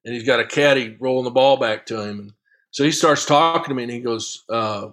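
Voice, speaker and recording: A man tells a golf story as an interview guest, in a voice pitched squarely in the middle range. He talks in a relaxed, chatty way, chuckling now and then as he goes. The delivery stays loose and friendly, like an easy sit-down conversation. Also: brisk. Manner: lively, chuckling raconteur. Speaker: guest, long drive golfer. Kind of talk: casual storytelling anecdote.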